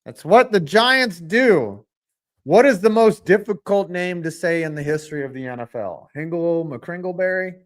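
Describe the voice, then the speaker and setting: A man's voice: sits high, expressive, moderate pace. A man giving live reaction commentary on a football game, calling plays, joking with his chat and cursing at the referees' calls.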